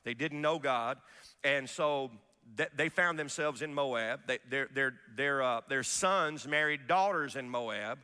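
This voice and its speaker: Animated preacher man, bright and echoing. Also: medium pitch, a little slow, clear, resonant tone. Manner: animated preaching with folksy asides and call-outs to the congregation. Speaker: pastor. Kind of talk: sermon.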